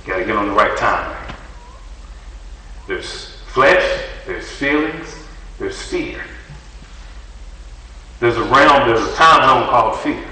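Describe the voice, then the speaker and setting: A man delivers a sermon in a casual, animated style, slipping into little acted-out dialogues. His voice is strikingly bright. It rings out in a big reverberant hall, picked up from some way off. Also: medium pitch, takes it slowly, long pauses, a little hiss or hum. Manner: animated, conversational preaching, acts out voices in dialogue. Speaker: preacher. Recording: echoey hall, mic at a distance.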